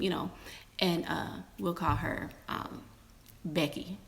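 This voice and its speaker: A woman's voice: slow pace, vocal fry. Chatty woman telling a wild storytime. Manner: animated, acts out quotes in high squeals and whispers; chatty, addresses viewers as y'all and girl. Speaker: storytime vlogger. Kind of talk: casual storytelling to viewers.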